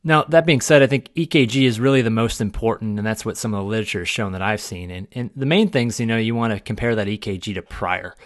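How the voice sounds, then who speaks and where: A man talks quickly into a close mic, going through his clinical review with dry humor. His voice sits a little low, and the room is dead and dry with no echo. He sounds like a working emergency doctor walking listeners through his practice. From Ohio. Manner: dry joking asides, then detailed clinical explanation. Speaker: emergency physician giving peer review. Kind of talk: solo podcast commentary.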